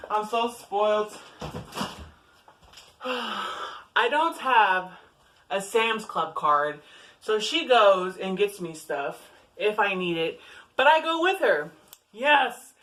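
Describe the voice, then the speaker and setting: A woman's voice: mid-range voice, animated, a little slow, a bit bright, slight background noise, rough recording. A woman vlogging casually to camera from her home, chatty, giggly and rambling. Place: at home, indoors.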